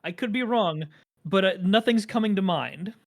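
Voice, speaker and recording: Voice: mid-range voice, animated, moderate pace. A podcast host chatting casually, rambling through explanations with dry jokes.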